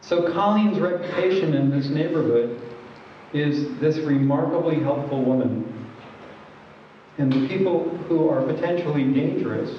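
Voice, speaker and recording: Male trainer, wry storyteller, a bit high. Dull, lo-fi hall recording with faint hiss. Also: normal speed. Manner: conversational, wry. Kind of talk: storytelling presentation. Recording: echoey hall from far off, dull lo-fi.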